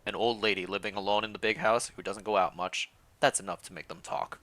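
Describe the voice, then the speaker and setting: A man's voice: on the low side, steady tone, a little fast, bright, forceful tone, no room sound. A man voicing a curt retired estate warden, speaking tersely in a put-on foreign accent. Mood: gruff.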